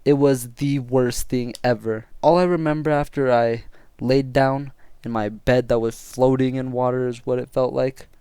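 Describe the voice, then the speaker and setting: A young man telling a story to his viewers in a casual, excitable, slangy way and swearing freely. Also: medium pitch, normal speed, clear, resonant tone, no echo, studio quality. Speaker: storytime vlogger.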